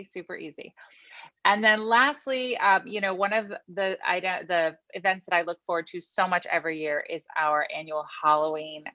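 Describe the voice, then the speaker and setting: A woman's voice: fairly low pitch, sharp tone, dry recording, lo-fi sound. A woman from the library staff giving a chatty, upbeat report to a meeting over a video call.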